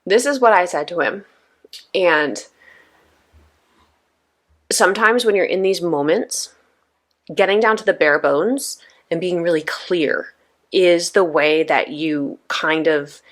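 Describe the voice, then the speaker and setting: A woman in her thirties hosting a podcast, talking casually and conversationally with lots of asides to her listeners. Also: lowish voice. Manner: chatty, conversational, frequent "right?" and "you know". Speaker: podcast host.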